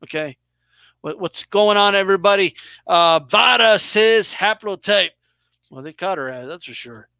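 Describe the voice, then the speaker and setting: A man's voice: high voice, unhurried, vocal fry, bright, forceful tone, clean tone, dry recording. A man hosting a live boxing talk stream, talking casually and emphatically, swearing freely. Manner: emphatic, swearing, exaggerated mock reactions. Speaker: boxing show host.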